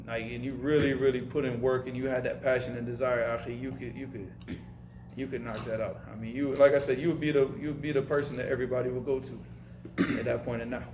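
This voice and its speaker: A man's voice: medium pitch, background noise. Casual, emphatic male teacher in an echoey room. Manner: casual, emphatic, repeats words, Arabic terms mixed in. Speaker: Arabic and Islamic studies teacher. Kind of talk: informal lesson with live questions.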